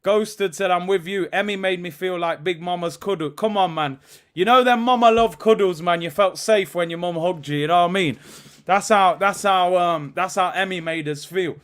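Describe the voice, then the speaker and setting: A man in his early thirties, possibly, hosts a live football stream. His voice sits high and bounces around a lot as he shouts out viewers and reads their super chats. The chat is loose and streetwise. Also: moderate pace. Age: 30s. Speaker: host of a football watch-along stream.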